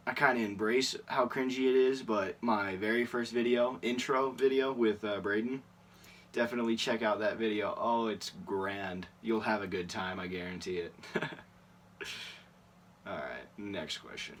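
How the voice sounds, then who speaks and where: A teenage boy talks through a casual question-and-answer vlog in a slightly low voice. He rambles, fills gaps with lots of ums and uhs, and chuckles at his own stories. He sounds a little distant from the microphone. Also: moderate pace, fairly bright tone, a little hiss or hum. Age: teens. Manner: rambling, many fillers, laughs at himself. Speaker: YouTuber.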